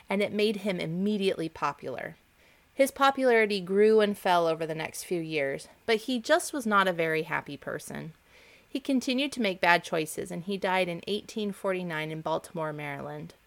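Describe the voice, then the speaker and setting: A woman hosting a podcast, reading fables to children in a gentle, expressive storytelling voice. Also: fairly low pitch, moderate pace. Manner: expressive, gentle, varied intonation. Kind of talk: storytelling narration for kids.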